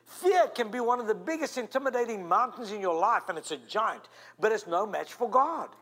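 Pastor role, high-pitched man, emphatic storytelling sermon, lively rises and drops. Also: brisk. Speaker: senior pastor. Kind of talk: animated sermon.

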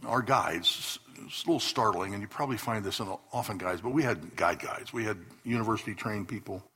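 A man's voice: lowish voice, brisk, bright, forceful tone, slightly rough. A man preaching a sermon to his congregation as pastor, telling stories with earnest bursts of emphasis. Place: church hall before a congregation.

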